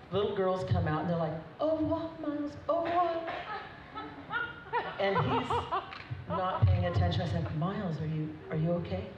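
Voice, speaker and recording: A woman, the groom's mother, giving a chatty, emotional, unscripted wedding toast with frequent laughs. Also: on the low side. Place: wedding reception hall. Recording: echoey dull hall recording from far off, crowd noise.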